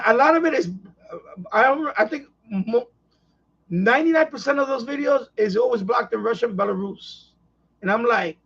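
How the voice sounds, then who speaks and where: High-voiced, gravelly man ranting on a stream. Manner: rambling, exasperated, ranting. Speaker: live stream host. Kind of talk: casual live stream chat. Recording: dull lo-fi live stream audio.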